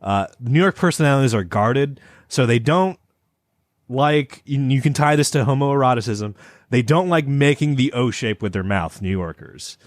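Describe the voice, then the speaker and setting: A man's voice: medium pitch, expressive, normal speed, dry recording, clean studio sound. A man co-hosting a podcast, chatting casually in a rambling way, with lots of stumbling restarts and swearing. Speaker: podcast co-host. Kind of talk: casual chat.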